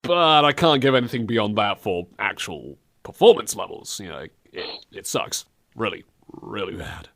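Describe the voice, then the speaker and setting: A man hosting comedic video game commentary, animated, giggly and mocking. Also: lowish voice, normal speed, creaky. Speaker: host.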